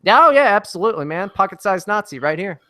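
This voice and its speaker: A man with a fairly high voice tells a story as a guest on a casual podcast. He is brash and foul-mouthed and tells it with lots of energy. The sound is dry, with almost no room in it. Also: fast, no room sound. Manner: brash, profane, animated anecdotes.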